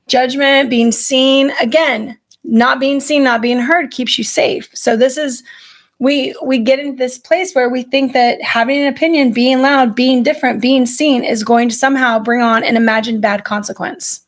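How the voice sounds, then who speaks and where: A woman co-hosting a podcast in casual chat, animated and candid, often chiming in with quick agreement. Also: high-pitched. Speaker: podcast co-host.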